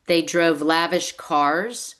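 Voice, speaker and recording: A woman's voice: low-pitched, steady tone, slow pace, fairly bright tone. A woman author speaking over a video call, telling her family's story in a storytelling way and acting out what her relatives said. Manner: storytelling, acts out quoted relatives. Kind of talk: reading prepared remarks on a video call.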